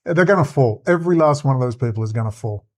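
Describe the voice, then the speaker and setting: A man's voice: mid-range voice, expressive, fast talker. Agitated Australian man ranting. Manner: agitated, rambling, profane. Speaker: channel host. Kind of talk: angry commentary rant.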